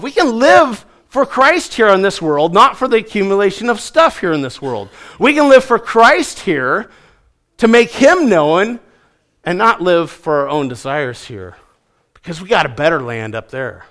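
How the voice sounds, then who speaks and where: Male preacher, high voice, emphatic sermon delivery, repeats lines for stress, drops low at sentence ends. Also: fairly bright tone. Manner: emphatic preaching, rising on key phrases and dropping low at line ends.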